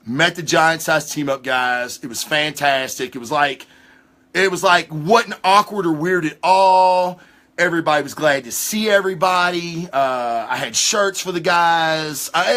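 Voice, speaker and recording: Male host, casual monologue, rambling, excitable, curses a lot, slightly high, forceful tone. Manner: rambling, excitable, heavy cursing.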